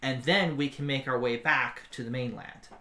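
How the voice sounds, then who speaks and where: A man's voice: medium pitch, normal speed, pushed and bright, close to an everyday voice. Fields: Figure: stern dwarf woman, a man voicing her. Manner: curt, snapping. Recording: roomy echo. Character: stern female dwarf loyal to a council.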